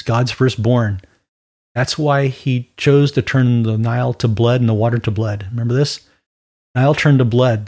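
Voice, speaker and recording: A man preaching an informal Bible teaching in a conversational, animated way with quick asides. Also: mid-range voice.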